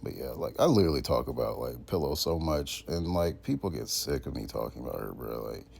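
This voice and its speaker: A man's voice: a bass voice, animated, fairly quick, creaky, darkish tone, husky. A man in his twenties casually rambling in a monologue, full of fillers and slang. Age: 20s. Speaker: content creator.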